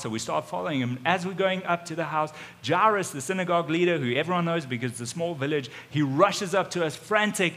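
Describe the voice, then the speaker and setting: A South African man preaching a lively first-person sermon, retelling the story in a chatty way and often repeating his opening words. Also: fairly high pitch, quick pace, long reverb tail. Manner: animated, conversational, repeats his starting words. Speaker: pastor.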